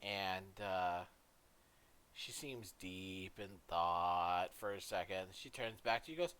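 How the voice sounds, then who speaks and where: A man narrating as game master of a tabletop role-play, lively and thinking aloud. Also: sits low, takes it slowly, clear, resonant tone, no room sound.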